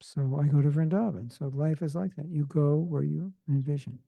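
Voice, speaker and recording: A man's voice: fairly high pitch, moderate pace, vocal fry, no echo, phone-quality sound. A man with a Californian accent giving an informal devotional class, talking conversationally with joking asides. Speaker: spiritual teacher.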